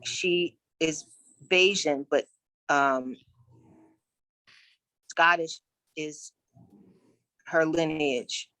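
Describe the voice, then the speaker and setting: Low-voiced woman, dry and close. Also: very slow, long pauses, a bit bright, no echo. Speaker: client at a psychic reading. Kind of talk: casual conversation.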